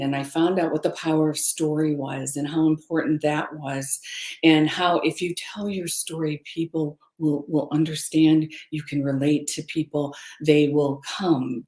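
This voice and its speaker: A woman's voice: low-pitched, a little mellow, reverberant. A middle-aged woman candidly telling a personal story as a webinar guest, with hesitant fillers. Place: room, recorded for a webinar.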